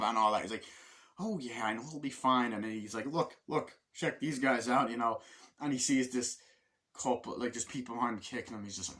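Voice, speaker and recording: A man giving a casual, rambling movie review, acting out scenes in quick voice switches and swearing freely. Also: mid-range voice, fairly bright tone. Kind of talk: casual spoken film review.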